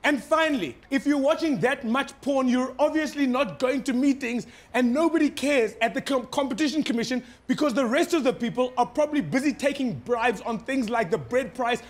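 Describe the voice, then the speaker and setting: An actor playing a cheeky, mock-serious foreign correspondent with a South African accent in a satirical news sketch, delivered deadpan. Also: male voice, very high voice, fairly quick, few pauses. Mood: wry.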